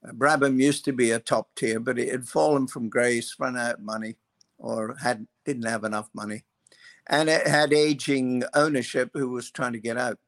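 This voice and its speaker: A man's voice: mid-range voice, fairly even intonation, a bit bright, no room sound. Older man spinning loose stories. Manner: unhurried, loose, full of "uh" and "um". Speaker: guest, former racing mechanic. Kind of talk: anecdotal storytelling.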